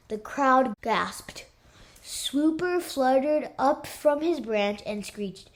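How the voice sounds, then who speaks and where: A woman reading a children's novel aloud, unhurried, raising her voice for the animal characters. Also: on the high side, expressive. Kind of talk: read-aloud storytelling.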